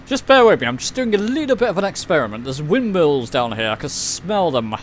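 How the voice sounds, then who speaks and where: Male streamer, slightly high voice, casual rambling commentary, faint background hiss. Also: very animated, brisk. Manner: chatty, rambling, reads chat aloud. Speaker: flight sim streamer.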